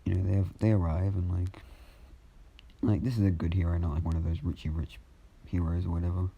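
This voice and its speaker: A man's voice: deep voice, flat delivery, brisk, vocal fry, warm tone, slightly rough, dull audio. A man casually telling an improvised fan story, rambling with many fillers.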